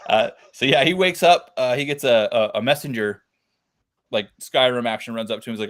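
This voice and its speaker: A man's voice: medium pitch, normal speed, fairly bright tone. A man hosting a casual book club discussion over a video call, chatty, full of fillers and laughing often.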